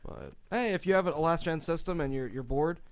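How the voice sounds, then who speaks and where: Smooth voiced guy chatting about new games, laughs a lot. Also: a little high, brisk. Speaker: co-host. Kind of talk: casual chat about game releases.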